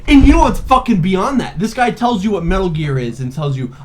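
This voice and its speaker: A man's voice: high-pitched, sing-song, normal speed. Rambling, foul-mouthed young man. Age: 20s. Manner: rambling, profane, laughing, many fillers. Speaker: video host. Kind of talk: casual comedic game recap.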